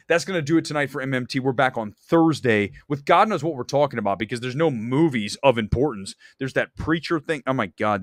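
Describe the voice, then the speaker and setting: Man, casual movie-talk host, excitable and cursing, dry close recording, mid-pitched. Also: no echo. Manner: animated, enthusiastic ranting with swearing. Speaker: show host. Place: Los Angeles area.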